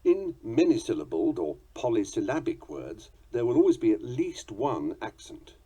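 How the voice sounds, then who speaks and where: British man reading a book, wry and precise, lively pitch, mellow husky tone. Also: normal speed. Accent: British English. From England. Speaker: reader of a book on poetry.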